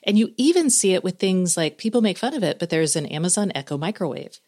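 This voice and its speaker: A woman tech journalist talking casually as an interview guest, lively, and often acting out gadgets in little quoted voices. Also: on the low side, fast talker.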